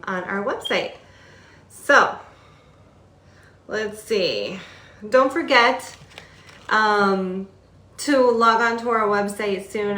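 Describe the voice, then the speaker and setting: A woman's voice: fairly low pitch, fairly bright tone, roomy sound. A woman hosting a casual live stream on her phone, chatty and easygoing, laughing now and then as she talks to a pet bird. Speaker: host of a parrot shop's live stream.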